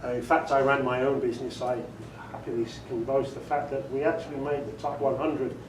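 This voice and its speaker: A man's voice: mid-range voice, flat delivery, brisk. Man, English accent, middle-aged, joking talk, distant mic, noisy echoey hall. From England. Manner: chatty, jokey, laughs often. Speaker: voiceover artist speaking at a meeting. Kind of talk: storytelling talk with audience questions. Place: meeting room with an audience. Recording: roomy distant recording with background noise.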